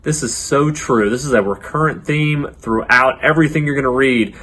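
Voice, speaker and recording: A man's voice: medium pitch, normal speed, sharp tone, slight background noise. A man leading a kids' church lesson. He is upbeat and chatty and speaks straight to the children, with a lot of ums. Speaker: children's ministry leader.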